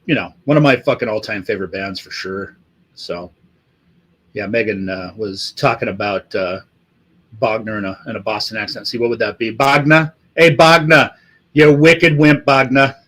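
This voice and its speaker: A man from Los Angeles hosts a casual livestream, rambling and swearing freely as he goes. His pitch sits in an ordinary middle range, and his talk is loose, eager and full of fillers. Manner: profane, rambling, enthusiastic. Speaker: livestream host.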